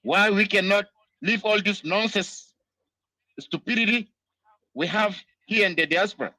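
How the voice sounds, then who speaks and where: A man's voice: high-pitched, measured pace, pushed and bright, no room sound, poor audio. A man from Sudan, delivering an angry, impassioned political monologue full of repeated "you know"s. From South Sudan. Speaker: diaspora political commentator.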